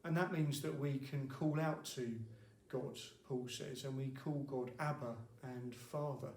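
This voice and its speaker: Guy minister doing a quick midweek devotional, chatty and wry, lots of ums, echoey room. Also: medium pitch, steady tone, a little mellow, slight background noise. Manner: conversational and wry, with frequent fillers. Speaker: lead minister. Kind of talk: short midweek devotional talk.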